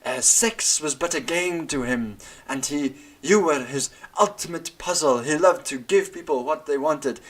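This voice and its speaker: A man putting on a haughty, posh, upper-class older mother who talks in a slow, plummy, condescending drawl. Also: fairly high pitch, fairly bright tone.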